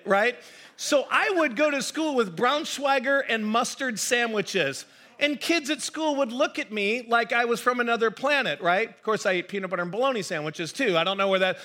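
A man's voice: extremely high pitch, bright, forceful tone. A middle-aged American man preaching a sermon to his congregation in a conversational way, with self-deprecating asides and repeated words as he builds a point. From United States. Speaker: pastor. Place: church hall.

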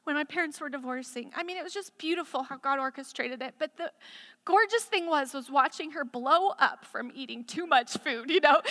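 A woman's voice: sits high, fairly quick, sharp tone. A woman preaching a sermon in an impassioned way, building to emphatic declarations, in a church sanctuary. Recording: echoey hall reverb.

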